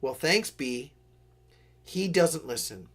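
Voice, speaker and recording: An earnest man hosts a live stream, telling a story in a casual, rambling chat. His voice sits on the higher side for a man. He wanders into asides and apologizes for running long, talking into a computer mic. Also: animated, slow pace, a bit bright. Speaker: livestream host.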